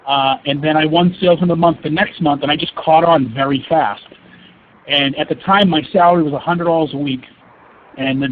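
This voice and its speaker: A man who sells cars talks bluntly about money as an interview guest, often repeating words. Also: on the high side. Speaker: car salesman guest. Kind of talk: casual interview on a webinar. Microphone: phone call. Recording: tinny phone line with faint hiss.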